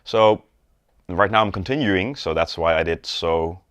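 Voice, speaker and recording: A sales coach with a low, slightly slow voice leads a conversational video lesson, often checking in with the viewer. He demonstrates postures and gestures as he talks, and the recording has no room sound.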